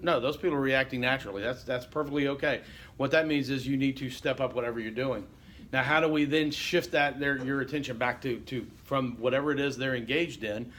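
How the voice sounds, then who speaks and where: A college instructor with a mid-range, fairly bright voice speaks fairly quickly and with fairly even intonation over slight background noise. His casual lecture is peppered with "okay?" check-ins and enactments of what listeners might be thinking.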